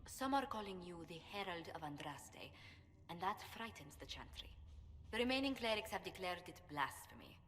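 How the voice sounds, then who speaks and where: A woman's voice: lowish voice, big pitch swings, normal speed, a bit bright. An actress playing a stern, blunt female warrior-advisor who speaks curtly and seriously. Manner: curt, serious. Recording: reverberant game audio, faint ambience.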